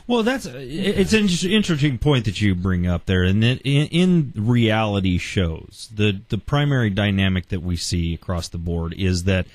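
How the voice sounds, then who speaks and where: A man's voice: fairly low pitch, sing-song, normal speed, few pauses, darkish tone, no echo. A man hosting a podcast interview, asking questions and laughing along. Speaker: podcast host.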